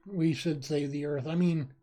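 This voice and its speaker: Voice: mid-range voice, fairly even intonation, moderate pace, mellow. A live streamer in casual chat who reads viewers' jokes aloud and laughs at them often, with a desk microphone. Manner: giggly, reacts with frequent laughter.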